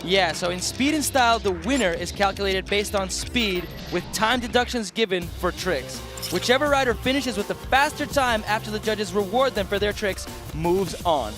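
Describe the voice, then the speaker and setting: A man's voice: high-pitched, animated, moderate pace, few pauses, music in the background. A man giving expert co-commentary outdoors at a bike event, emphatic and repeating words for stress. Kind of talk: live sports commentary.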